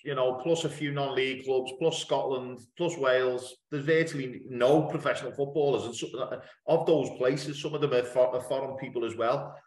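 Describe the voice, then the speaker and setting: A British man interviewing a guest in casual chat, opinionated and quick to agree. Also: mid-range voice, fairly even intonation, darkish tone. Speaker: interviewer, host. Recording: echoey room.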